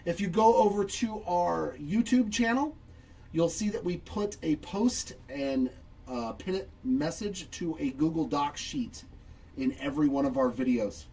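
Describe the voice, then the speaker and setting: An upbeat man hosts a live card break, talking quickly to viewers as he opens packs. His voice sits a bit high for a man and comes from a short way off the mic. Faint room noise hums behind him. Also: warm tone, distant mic, low-quality recording. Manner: upbeat, chatty, reacting to pulls and answering chat.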